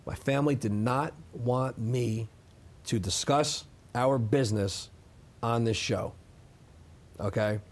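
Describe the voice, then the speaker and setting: A man's voice: mid-range voice, slow, pauses often. A man in his thirties answering interview questions in an emphatic, defensive way, often adding "okay?". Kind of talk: sit-down interview.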